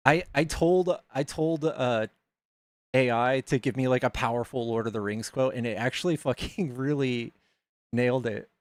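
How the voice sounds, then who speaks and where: A man's voice: mid-range voice, normal speed, no echo. A man hosting a live debate who argues back with blunt, sarcastic pushback. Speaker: host. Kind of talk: debate with a caller.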